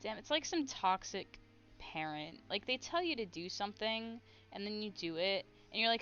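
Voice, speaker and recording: A woman's voice: mid-range voice, animated, normal speed, sharp tone, clean tone. A woman streaming while she draws, chatting in a rambling, giggly way. She has a headache. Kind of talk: casual chat while drawing on stream.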